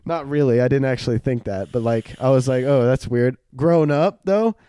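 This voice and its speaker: Young man telling animated stories. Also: mid-range voice, fairly quick, clear, resonant tone, no room sound, studio quality. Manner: animated storyteller, acts out quotes, laughs often. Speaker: podcast host. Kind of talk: casual chat.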